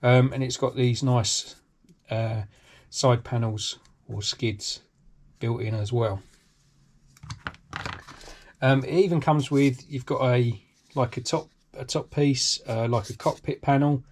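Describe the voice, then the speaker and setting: A man's voice: medium pitch, steady tone, takes it slowly, darkish tone. Rambling British man unboxing hobby parts. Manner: rambling, lots of ums and restarts, enthusiastic. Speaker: RC hobby channel host. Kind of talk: casual unboxing commentary. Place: home workshop.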